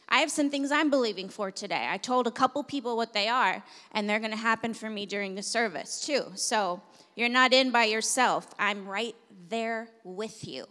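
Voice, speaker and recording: A young adult woman pastor preaching a sermon in a church, telling an animated story and then praying. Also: a little high, moderate pace. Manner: animated storytelling, laughing at times, then prayer. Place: church sanctuary. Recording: reverberant church hall.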